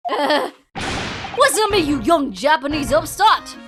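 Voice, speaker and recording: A woman voicing a gruff, impatient male London police inspector, her put-on British accent slipping into Brooklyn. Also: very high-pitched, very animated, brisk, over music, voice pushed up.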